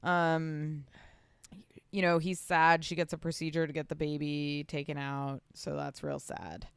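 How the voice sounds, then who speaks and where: Chatty podcast cohost lady, lowish smooth voice, lots of ums, dry close mic. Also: level tone, no echo. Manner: chatty, lots of ums, quick asides and laughs. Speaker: podcast co-host. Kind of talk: casual chat about a reality show.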